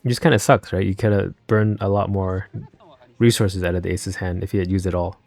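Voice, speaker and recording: A man's voice: sits low, little pitch movement, a little fast, creaky, a little mellow. A man, a card game YouTuber, giving casual live reaction commentary on a match, thinking aloud and rambling into chatty asides.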